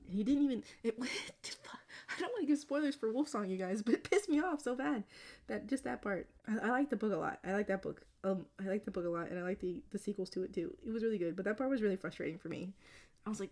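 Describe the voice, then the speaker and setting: A young woman vlogger chatting casually and rambling, with lots of filler words, frequent laughs and occasional dips into a soft whisper. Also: medium pitch, fast talker. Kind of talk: casual chat while drawing.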